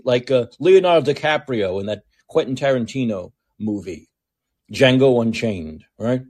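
A man's voice: mid-range voice, measured pace, husky. A man hosting a political podcast, delivering a sarcastic, mocking commentary monologue. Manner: sarcastic, mocking, animated rants. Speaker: podcast host.

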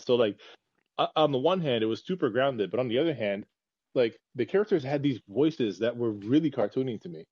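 A man's voice: medium pitch, animated, a little fast, darkish tone, breathy edge, no room sound, muffled recording. A man co-hosting a casual podcast chat, rambling with many fillers and restarts. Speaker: podcast co-host.

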